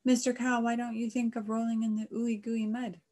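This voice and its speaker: A woman's voice: a little high, little pitch movement, moderate pace, mellow, pitched above the performer's own voice, lightly acted. A woman voicing a plump male pig in a children's storybook, talking in a hearty and playful way.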